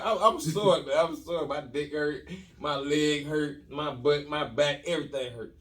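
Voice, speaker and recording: A man hosting a podcast who tells a comic story in an animated, repetitive way with lots of slang and restarts. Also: a little high, moderate pace, recorded from a distance. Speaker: podcast host telling a story.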